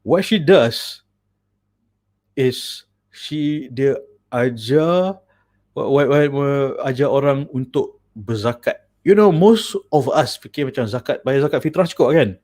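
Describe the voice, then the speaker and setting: A man's voice: medium pitch, unhurried, a little mellow. A man with a Malaysian accent, hosting a casual chat, telling stories chattily, switching languages mid-sentence and laughing often. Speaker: host.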